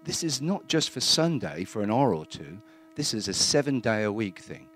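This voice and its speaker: A man giving a plain-spoken, earnest testimony in church, halting now and then with fillers. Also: on the low side, sing-song, fairly bright tone.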